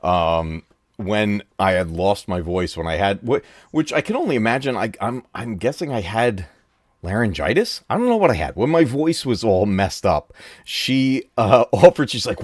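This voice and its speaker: Excited guy streaming games from home, voice bouncing all over, dry close sound. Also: medium pitch, normal speed, dry recording. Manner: excitable, laughs often, talks to chat. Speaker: gaming channel host. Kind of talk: casual live-stream chat. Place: home room.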